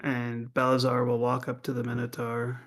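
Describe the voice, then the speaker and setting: A man playing a tabletop game, speaking in a hesitant, halting way. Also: medium pitch, monotone. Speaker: player.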